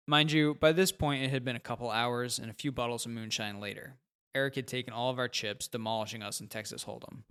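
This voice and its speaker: A man narrating a first-person novel in a plain, conversational manner. His voice sits at a middling pitch and stays even. An audiobook reading. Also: clean tone.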